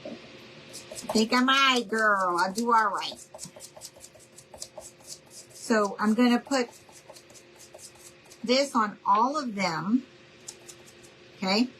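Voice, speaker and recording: Slow-talking friendly craft host woman. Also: a little high, sharp tone, slight background noise, low-quality recording. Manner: chatty, friendly, addresses viewers as y'all. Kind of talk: casual live crafting demo.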